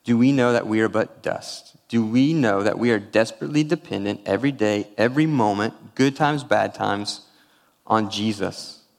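A man's voice: fairly low pitch, moderate pace, creaky, big-room sound. A man preaching a sermon, telling a personal story with feeling and weaving in scripture. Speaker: pastor.

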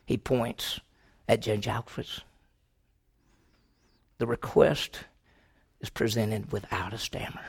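A man preaching a sermon to a congregation, telling a story dramatically, moving from loud questions to hushed, slow passages. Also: lowish voice, fairly even intonation. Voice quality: gravelly.

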